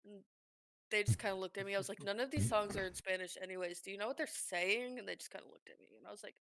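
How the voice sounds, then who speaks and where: Animated, foul-mouthed woman streamer. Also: mid-range voice, fast talker, dry recording. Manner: animated storytelling, swears freely. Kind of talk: casual chat.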